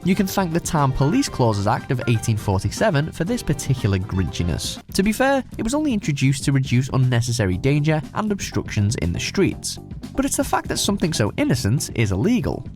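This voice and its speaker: Man, scripted countdown narration, very lively pitch swings, faint music behind. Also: brisk. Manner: wry, sardonic, dry. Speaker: list video narrator.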